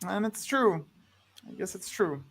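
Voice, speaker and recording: A man speaking as a guest in a casual chat about a film, halting and loose, full of fillers and restarts. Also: sits high, big pitch swings, creaky, a bit bright.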